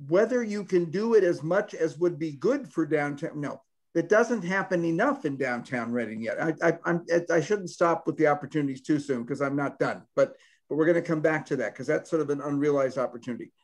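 Halting man searching for words. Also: on the high side, lively intonation. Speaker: planning consultant answering questions. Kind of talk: meeting discussion. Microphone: video call.

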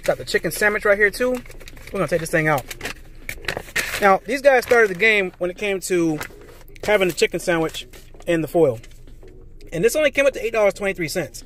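A man eating and reviewing fast food in a parked car, talking excitedly and calling his viewers "guys" and "man". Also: high voice. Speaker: food vlogger. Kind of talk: casual food review vlog. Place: parked car, traffic passing outside. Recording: faint road noise from inside a car. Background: cars passing by.

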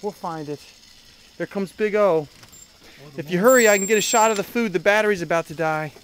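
A man filming a home video at a birthday dinner, chatting casually and slipping into playful high-pitched baby talk, recorded on a handheld camcorder. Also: brisk, a bit bright, a little hiss or hum. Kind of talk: casual chat behind the camera.

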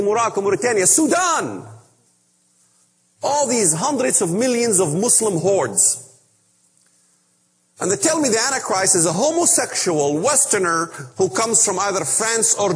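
Animated preacher man in a reverberant hall. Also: high-pitched, moderate pace. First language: Arabic. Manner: emphatic, animated, rhetorical questions. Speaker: speaker on biblical prophecy. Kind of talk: preaching Bible lesson.

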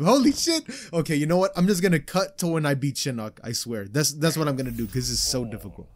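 A young man giving live commentary over a fighting game he is playing, excitable and swearing, swinging from low mutters to loud outbursts. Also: slight background noise. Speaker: gaming channel host.

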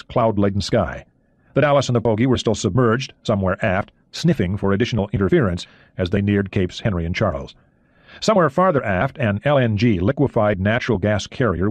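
A man reading a thriller audiobook in steady narration. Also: lowish voice, no room sound.

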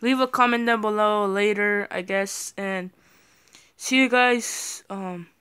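A high-pitched teenage boy hosting his own gaming video, talking slowly and loosely between bursts of excited yelling. His voice cracks whenever he shouts at the game. When he signs off, he trails into plenty of ums. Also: smooth, dry recording. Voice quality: voice cracks on loud yells. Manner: excitable, yelps and shouts at the game, hesitant fillers in the outro. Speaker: gaming channel host. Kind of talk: gameplay commentary.

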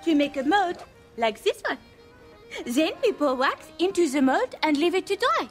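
A woman's voice: sits high, big pitch swings, moderate pace, soft background music. A woman playing a boastful, gleeful female waxwork maker in a comedy sketch. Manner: boastful, cackling, showy.

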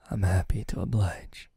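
A man voicing a teasing, possessive young gamer boyfriend in a whispered role-play, talking softly right at the ear on a close mic. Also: sits low, vocal fry, breathy edge, no echo, exaggerated voice. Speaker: voice actor. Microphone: close mic by the listener's ear.

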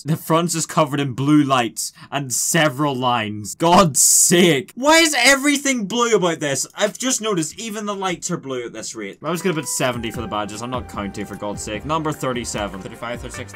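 A man's voice: mid-range voice, fairly bright tone. A man casually commentating a car-building game, sarcastic and swearing a lot as he mocks his own creation. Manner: sarcastic, swearing, self-mocking. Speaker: gaming YouTuber.

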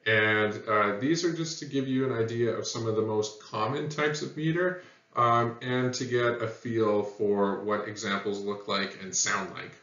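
A man's voice: on the low side, a little slow, a bit bright. Male teacher, plain explanatory delivery with filler words, in a lo-fi recording with a muffled top end. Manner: plain, explanatory, frequent ums and uhs. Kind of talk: recorded poetry lesson. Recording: roomy, dull lo-fi audio.

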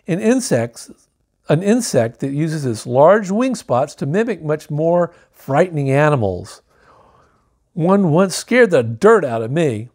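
A man's voice: a little high, darkish tone. A man reading a picture book aloud, with wry, joking asides between the story lines. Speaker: storybook reader.

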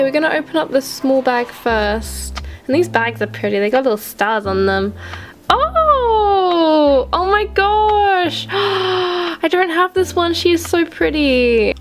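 High-voiced gushing woman unboxing gifts. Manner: gushing, excitable, gasping with delight. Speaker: LPS collector vlogger. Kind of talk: unboxing vlog.

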